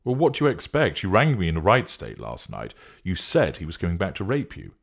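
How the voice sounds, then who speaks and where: A man's voice: sits low, huge pitch swings, fairly quick, gravelly, slightly rough, pitched above the performer's own voice, full character voice. A man reading a story, voicing a worried, protective man asking earnest questions on the phone. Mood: concerned.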